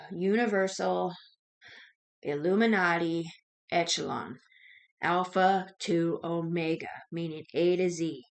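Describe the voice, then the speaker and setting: A woman livestreaming a rambling, profane, run-on monologue in a hurried casual way. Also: fairly low pitch.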